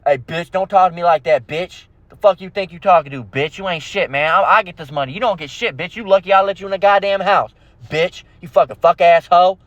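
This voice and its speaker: A man's voice: high-pitched, a little fast, fairly bright tone, no room sound. Man acting as a contemptuous, cursing street boyfriend, muffled lo-fi. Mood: snarling. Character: abusive, swaggering street boyfriend.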